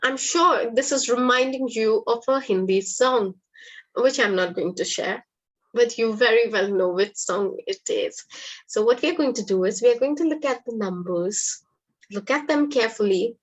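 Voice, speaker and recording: A woman's voice: a little high, moderate pace, poor audio. A woman, teaching an online lesson in a patient, encouraging way. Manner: encouraging, patient classroom explaining. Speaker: English teacher. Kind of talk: live online English lesson.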